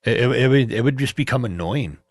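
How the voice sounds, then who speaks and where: A middle-aged man spins long, rambling stories for his viewers, swearing casually and chuckling at his own mishaps. His voice sits at an ordinary middle pitch. The recording is dry and close. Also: lively intonation, brisk, dry recording. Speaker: livestream host chatting with viewers. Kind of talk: casual storytelling. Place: at home.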